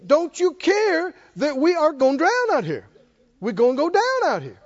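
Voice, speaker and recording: A man's voice: extremely high pitch, big pitch swings, moderate pace, muffled recording, voice pushed up. A man voicing frightened disciples in a storm, pleading in panicked repetition. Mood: scared.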